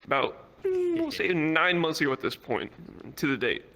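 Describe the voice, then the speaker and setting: A young man rambles through a comic story packed with swearing, in a virtual reality comedy club. His voice sits a little high and sounds bright and forceful. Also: moderate pace, gravelly. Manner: rambling, heavy swearing, animated.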